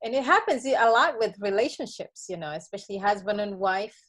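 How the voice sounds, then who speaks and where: A woman's voice: medium pitch, lively intonation, fairly quick, a bit bright. A woman in an online group, talking earnestly and reading a card message aloud. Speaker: group participant. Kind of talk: casual chat and reading aloud.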